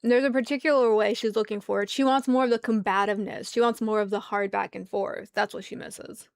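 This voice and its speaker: Woman co-host, smooth clear voice, dry close sound, wry and deadpan in chat. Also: medium pitch, fairly quick, no echo. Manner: dry, wry remarks, reads donations aloud. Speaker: livestream co-host. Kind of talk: casual chat.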